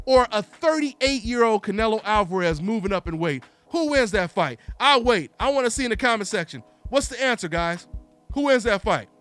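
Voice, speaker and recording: A man hosting a solo live call-in boxing talk show, animated and taunting, calling out listeners over and over. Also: sits high. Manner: animated, taunting, repeats himself.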